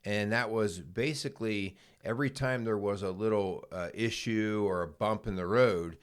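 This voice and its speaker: A man's voice: on the low side, normal speed, clean tone. A middle-aged man co-hosting a podcast, telling a long story casually with plenty of fillers and restarts. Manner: rambling, with many fillers and restarts. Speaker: podcast co-host.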